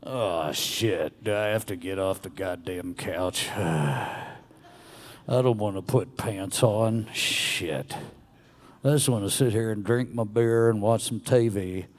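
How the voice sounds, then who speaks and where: A man putting on a grumbling Southern couch potato. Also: slow pace. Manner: low grumbling drawl, sighing. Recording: live venue with long reverb.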